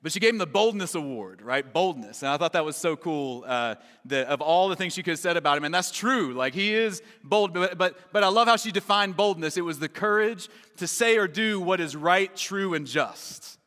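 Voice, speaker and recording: A Kentucky pastor with a bright, high voice delivers a relaxed, joking sermon, talking conversationally and dropping plenty of "right?" and "man." He speaks at normal speed with few pauses, and a long reverb from a large church auditorium rings around him.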